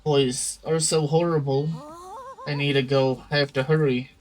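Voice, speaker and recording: A man's voice: on the high side, little pitch movement, normal speed, faint music behind, close to an everyday voice. A man reading a dazed teenage girl's game lines aloud, using a lifeless, muttering voice. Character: eerie listless teenage girl, dazed.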